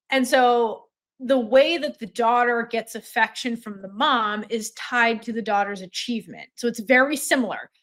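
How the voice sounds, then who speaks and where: A woman co-hosting a podcast in casual chat, retelling scenes with acted-out lines and swearing freely. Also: on the high side. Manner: animated retelling, swears freely, acts out characters. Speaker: podcast co-host.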